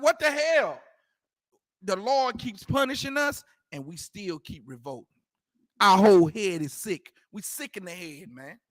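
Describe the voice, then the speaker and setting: This preaching scripture commentary comes from a man with a very high-pitched, fairly bright voice. He teaches the class emphatically and repetitively, throwing in street slang and rhetorical questions, and the sound is clean studio audio with no room sound.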